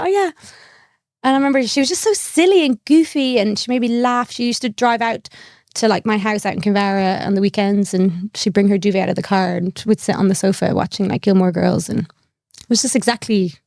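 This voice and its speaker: Lively Irish woman with a gravelly edge. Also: medium pitch, brisk, no room sound, clean studio sound. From Ireland. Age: 30s. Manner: animated storytelling with acted-out quotes. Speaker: podcast guest, comedian. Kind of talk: casual chat.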